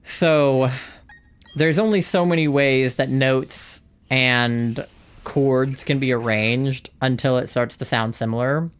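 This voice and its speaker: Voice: medium pitch, fairly even intonation, slow, smooth. Chatty, rambling young-adult streamer. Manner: rambling and chatty, laughs often. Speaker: live streamer. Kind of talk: casual chat while streaming a game.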